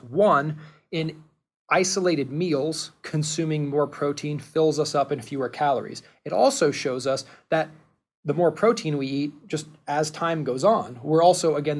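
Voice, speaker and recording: A man hosting a podcast, explaining nutrition research in an earnest way and repeating key points for emphasis. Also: a little high. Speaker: podcast host. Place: Seattle studio.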